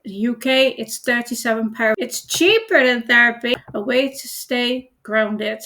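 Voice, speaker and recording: A woman coach reading a chat reply aloud in a gentle, reassuring way and explaining it on a product demo. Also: on the high side, normal speed.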